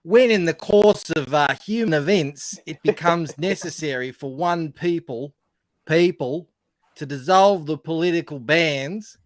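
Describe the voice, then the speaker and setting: Man doing a broad australian bloke, drawling, raised pitch, exaggerated. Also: unhurried, no room sound, lightly acted. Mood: jokey.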